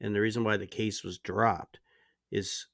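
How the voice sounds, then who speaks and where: A man's voice: lowish voice, fairly even intonation, normal speed, creaky, a bit bright, no room sound, clean studio sound. A man who is a podcast guest, telling his side of a story in casual conversation, earnest and indignant, with some swearing. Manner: earnest, indignant retelling with profanity.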